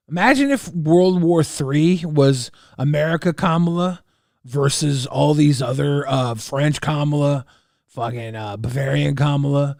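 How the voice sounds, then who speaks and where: A man streaming live, reacting to clips with brash jokes and loud rhetorical questions. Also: on the high side, unhurried, vocal fry, dry recording, studio quality.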